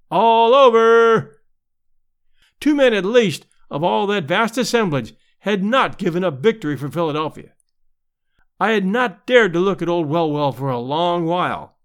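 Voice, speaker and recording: A man narrating a vintage sports story as an audiobook reader, telling it expressively and giving the crowd's shouts their own voices. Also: sits high. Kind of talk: dramatic scripted narration.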